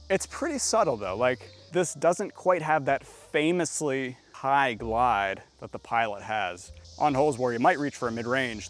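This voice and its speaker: A chatty male vlogger talks through his throws in an easy, upbeat way, his pitch sitting right in the middle range. He gets excitable whenever a shot looks good. He is recorded outdoors with faint music underneath. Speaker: disc golf YouTuber. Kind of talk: casual play-by-play commentary. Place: outdoor disc golf course.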